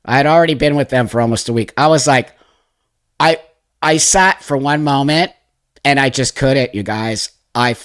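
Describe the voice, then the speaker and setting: A man's voice: medium pitch, normal speed, no echo. A man in his sixties hosting a livestream, telling a personal story in a loose, emotional, profane way. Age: 60s. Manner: emotional, profane, animated retelling with acted-out quotes. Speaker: livestream host.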